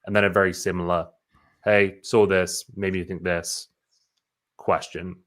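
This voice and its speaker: A man who is a sales expert, quickly demonstrating his cold call opener in an offhand way. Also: low voice, little pitch movement, fairly bright tone.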